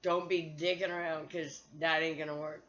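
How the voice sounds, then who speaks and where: A woman's voice: low-pitched, flat delivery, moderate pace, a bit bright, lo-fi sound. A woman vlogger talking to her phone in a candid, profane, rambling monologue.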